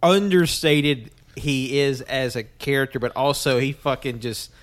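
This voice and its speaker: A man's voice: mid-range voice, measured pace, fairly bright tone. A man co-hosting a casual movie podcast, stumbling over and repeating words as he talks. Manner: hesitant, repeats words, profane. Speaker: podcast co-host. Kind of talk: casual chat.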